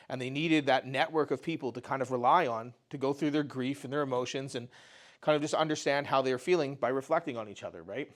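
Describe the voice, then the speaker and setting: A man giving a talk on mental health through a personal story. His delivery is casual and conversational, and he often adds "you know" and "right?". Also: mid-range voice.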